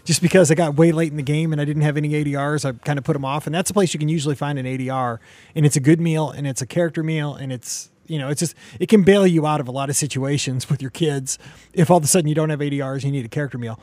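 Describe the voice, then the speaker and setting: A man's voice: on the high side, fairly even intonation, rapid-fire, darkish tone, dry recording. A man hosting a casual podcast chat, upbeat and joking, with rambling asides. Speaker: podcast host.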